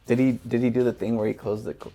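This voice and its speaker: A man's voice: medium pitch, steady tone, fast talker, mellow, faint music behind. A man co-hosting a casual recap chat, rambling and hesitant with lots of fillers. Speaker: podcast co-host.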